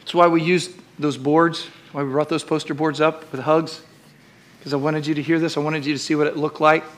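A man preaching a sermon as pastor, calling out to the congregation and building to shouted climaxes in a church. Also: on the high side, flat delivery, a little fast. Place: church sanctuary.

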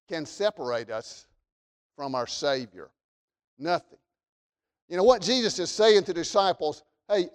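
A man preaching a sermon as pastor, swinging between fervent rising appeals and soft, low prayer. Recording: long hall reverb.

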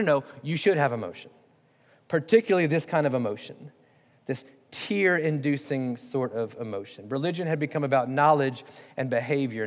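A man preaching a sermon, conversational and emphatic, putting direct questions to his congregation. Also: a little high. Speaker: pastor. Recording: long hall reverb.

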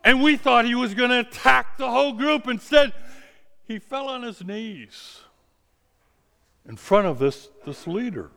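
A man's voice: very high-pitched, lively intonation, measured pace, gravelly, a bit bright, in a large hall. A man preaching by telling a story in the first person. He keeps stumbling and repeating words as he retells it.

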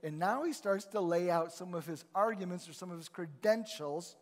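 A man's voice: high-pitched, lively intonation, normal speed. A male pastor preaching a sermon in a conversational, emphatic way in a church. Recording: long reverb of a large hall.

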